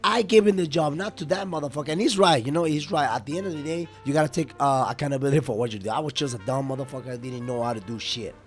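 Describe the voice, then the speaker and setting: A man's voice: medium pitch, fast, soft background music. A young man casually telling a profane, rambling story about his work, laughing between lines.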